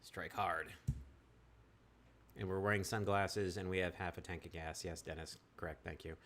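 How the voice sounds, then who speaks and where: A man's voice: sits low, steady tone, moderate pace, fairly bright tone, slight background noise. A man playing through a text adventure game, chatting casually and reading the game text aloud with voices. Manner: chatty, laughs easily, reads the text with voices. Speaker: game streamer.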